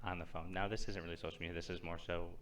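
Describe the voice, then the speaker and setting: A man's voice: low-pitched, very fast. A young man co-hosting a podcast in casual chat, telling rambling stories and acting out what people said. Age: young adult. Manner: rambling storyteller, animated retellings. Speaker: podcast co-host.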